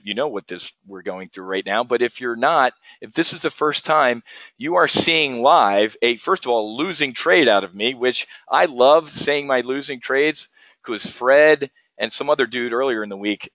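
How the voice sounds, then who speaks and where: Guy running a live options webinar, keeps quizzing folks, swears a lot, crisp bright tone, dead dry sound. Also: mid-range voice, no room sound, highs cut off. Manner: energetic, profane, rhetorical questions to viewers. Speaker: options trading instructor. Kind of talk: live trading webinar lesson.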